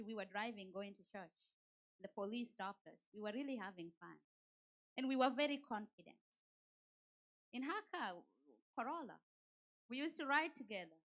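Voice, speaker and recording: Woman, fairly high voice, straightforward and lively, motivational church talk, personal stories. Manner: direct and animated, telling personal stories. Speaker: women's day speaker.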